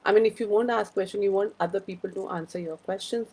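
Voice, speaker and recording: A woman's voice: mid-range voice, steady tone, fast talker, a little mellow, rough recording. A woman hosting a casual live-stream chat, rambling through personal stories and greeting viewers by name. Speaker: host of a live wellbeing chat.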